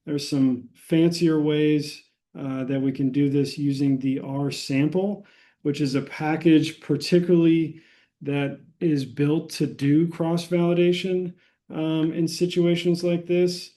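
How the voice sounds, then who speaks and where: American man, statistics instructor, slow and mellow, lots of ums and restarts. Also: on the high side, little pitch movement. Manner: frequent fillers and restarts, unhurried explaining. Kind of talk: lecture.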